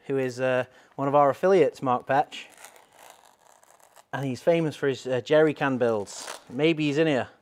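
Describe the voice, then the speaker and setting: A man hosting a casual live stream, chatting in a rambling way and reading out viewer comments. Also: on the high side.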